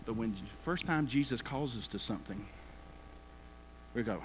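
A man's voice: medium pitch, expressive, normal speed, long pauses, a little hiss or hum. A man preaching a sermon, folksy and acting out everyday complainers. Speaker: pastor.

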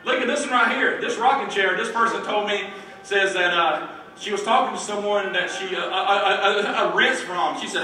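Man, pastor preaching, high voice, very echoey hall, distant mic, background noise. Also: moderate pace. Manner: animated, hollering at times. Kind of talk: sermon. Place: church sanctuary.

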